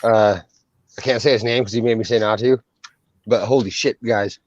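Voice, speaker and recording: A man's voice: fairly low pitch, steady tone, normal speed, dry recording, dull audio. A young man co-hosting a casual coin chat, brash and profane, joking loosely. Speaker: coin channel co-host.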